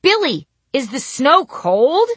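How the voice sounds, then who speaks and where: A woman voicing an excited, chatty old grandmother who calls out loudly. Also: medium pitch, normal speed, no echo, voice pushed up. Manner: loud, eager exclaiming.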